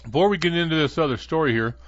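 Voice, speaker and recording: A man's voice: fairly high pitch, expressive, rapid-fire, no room sound. A man hosting a podcast in a casual monologue, rambling along with many fillers and restarts. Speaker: podcast host. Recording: dull lo-fi dry sound.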